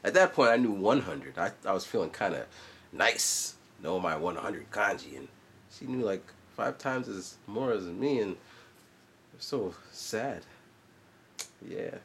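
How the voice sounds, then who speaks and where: A man's voice: fairly low pitch, big pitch swings, normal speed, fairly bright tone, a little hiss or hum. A man in his forties, a vlogger and musician, chatting casually in a loose, rambling way full of asides. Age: 40s. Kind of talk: casual vlog chat.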